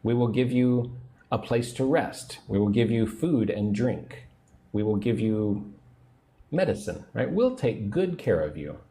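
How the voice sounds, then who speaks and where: A man teaching English on a livestream, speaking slowly and patiently and repeating phrases for learners. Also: on the low side, lively intonation, warm tone. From United States.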